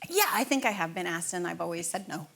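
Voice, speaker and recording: A woman's voice: lowish voice, expressive, fast, creaky, background noise. A woman from Canada, an actress guest on a chat show, easily amused. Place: TV studio with live audience.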